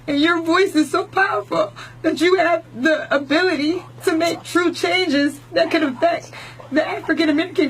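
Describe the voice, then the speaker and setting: Earnest high-voiced woman radio host. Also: moderate pace, low-quality recording. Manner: earnest, heartfelt, repeats herself. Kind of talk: on-air radio interview. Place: radio studio.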